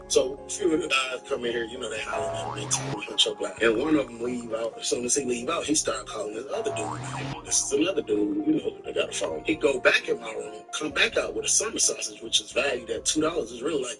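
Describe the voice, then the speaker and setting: A man's voice: mid-range voice, fairly quick, few pauses, distant mic, low-quality recording. Slangy man telling a story off-mic. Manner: animated, slangy retelling with profanity. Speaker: streamer. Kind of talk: casual storytelling on a live stream. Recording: voice from off the mic with music behind.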